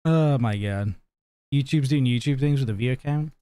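A man's voice: mid-range voice, normal speed, dark tone, clear, resonant tone, dry recording. A man chatting casually with his live viewers, joking and laughing often. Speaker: livestreamer.

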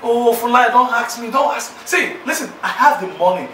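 An actor playing a boastful, newly rich man who sweet-talks several girlfriends on the phone, excited and laughing. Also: extremely high pitch, a little fast, reverberant, recorded from a distance, slight background noise, full character voice, rough recording. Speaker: lead character in a film. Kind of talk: Nollywood film acting.

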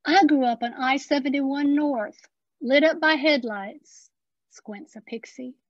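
A woman with an Appalachian accent performing spoken-word poetry, slow and deliberate with dramatic pauses. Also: high-pitched, no room sound, lo-fi sound. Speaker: poet.

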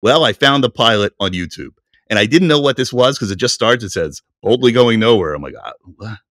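Lively, bright-voiced male podcast host. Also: medium pitch, fairly quick, no room sound, clean studio sound. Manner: animated, laughs easily, reads aloud from notes. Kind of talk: casual chat.

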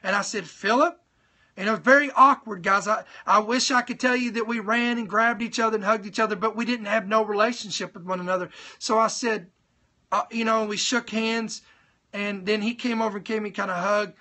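A man preaching in a live-streamed sermon, telling his testimony in an animated way, speaking directly to his viewers and repeating points for emphasis. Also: high-pitched, a little fast. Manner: animated storytelling, talks straight to viewers.

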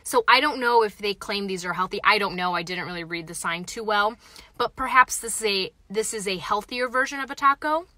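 A woman's voice: medium pitch, brisk, bright, forceful tone, no echo. A young woman in a parked car, reviewing a taco live on her phone and chatting frankly with viewers between bites. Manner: chatty, frank, reads viewer comments aloud; talks while eating. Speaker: vlogger reviewing tacos. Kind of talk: casual live-stream chat.

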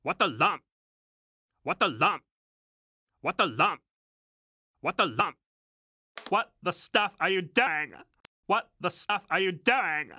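A man's voice: sits high, animated, slow pace, pauses often, sharp tone, dry recording, clean studio sound, heavily acted. A man voicing a sulky, dramatic princess who is a lumpy cartoon creature, in a whiny, nasal teen-girl drawl. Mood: exasperated. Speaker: cartoon character.

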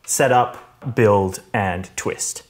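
A man co-hosting a podcast in casual chat, retelling scenes and acting out characters in lively put-on voices. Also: lowish voice, drawn-out words. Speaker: podcast co-host.

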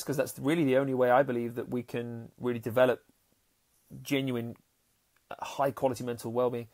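With a flat, darkish mid-range voice, this happiness coach talks a little fast while hosting his podcast. His casual monologue is earnest, full of repeated words and acted-out voices in stories.

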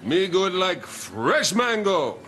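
Brash wannabe Rasta, lively high voice, noisy laughing audience. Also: male voice, slow pace, exaggerated voice. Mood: swaggering. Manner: put-on patois slang, laughing, shouty. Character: white man faking Jamaican patois, brash poser. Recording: studio audience laughter behind. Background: crowd noise and laughter.

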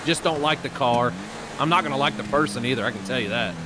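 A man's voice: mid-range voice, fast, noisy background. A man joking and bantering as a police partner in a roleplay game. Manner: boisterous, joking.

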